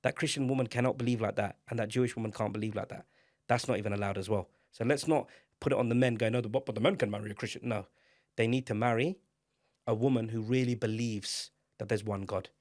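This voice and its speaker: A man, co-hosting a casual podcast, emphatic and animated, climbing to loud exclamations. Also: lowish voice, fast talker, no room sound, clean studio sound. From England. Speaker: podcast co-host.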